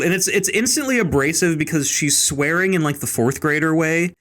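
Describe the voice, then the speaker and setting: Male podcast host, slightly high-pitched, blunt, profane ranter. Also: brisk, fairly bright tone. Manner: blunt, profane ranting with mocking impressions. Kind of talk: casual podcast chat.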